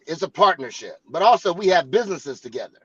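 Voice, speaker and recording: A man explaining his view on a casual podcast panel in a measured way, with occasional swearing. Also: on the high side, sing-song, fairly bright tone, slightly rough, no room sound. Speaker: panel guest. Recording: dull, dry, lo-fi sound.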